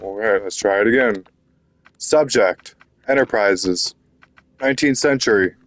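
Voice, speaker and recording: A man's voice: lowish voice, unhurried. A man giving casual commentary while playing a video game, frustrated, rambling and swearing. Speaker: gaming YouTuber.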